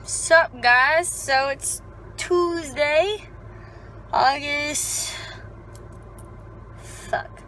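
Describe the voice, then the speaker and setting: Young female vlogger, high and bright, casual and animated, with a foul mouth. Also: very slow, pauses often, a little hiss or hum, poor audio. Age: young adult. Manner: chatty, swears freely, animated storytelling. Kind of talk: casual vlog chat.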